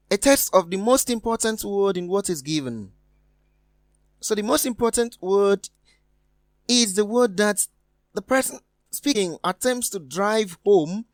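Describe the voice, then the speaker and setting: A woman leads an exam-preparation lesson at an unhurried, careful pace, spelling out words and repeating them. Her pitch moves in wide, lively swings as she stresses each answer. The voice sounds dry and close to the mic. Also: no echo. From West Africa. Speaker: teacher.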